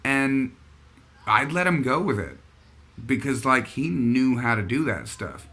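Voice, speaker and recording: Slow-talking bright-voiced man chatting. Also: mid-range voice, big pitch swings, husky. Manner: rambling, thinking aloud. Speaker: podcast host. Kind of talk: casual chat.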